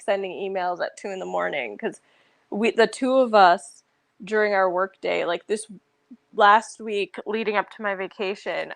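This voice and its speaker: A woman's voice: mid-range voice, fairly bright tone, no echo. A woman in casual chat on a video call, telling stories with lots of "like" fillers. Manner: chatty storyteller, frequent "like" fillers. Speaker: co-host.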